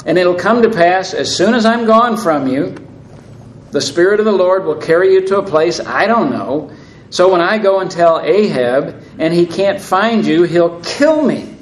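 A man's voice: high voice, lively intonation, normal speed, roomy sound, pitched above the performer's own voice, low-quality recording. A man reading the part of a frightened male royal steward who pleads urgently, his voice raised and emphatic. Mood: pleading.

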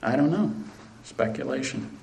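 A man's voice: mid-range voice, lively intonation, a little slow, gravelly, darkish tone, rough recording. A man preaching a sermon, earnestly reading scripture aloud and addressing the congregation as brethren. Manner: earnest, reads scripture aloud with rising intensity.

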